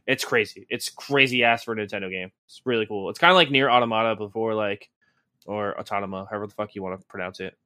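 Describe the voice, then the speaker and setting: A man's voice: lowish voice, steady tone, fast, sharp tone, dry recording. A man co-hosting a casual podcast, rambling along with plenty of swearing and sarcasm. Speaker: podcast co-host.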